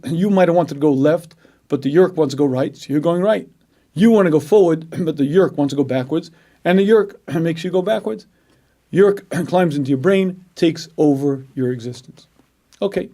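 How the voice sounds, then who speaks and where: A middle-aged man teaching a class as a rabbi, emphatic, often clearing his throat and acting out inner voices. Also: a little high, moderate pace, dark tone. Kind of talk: lecture.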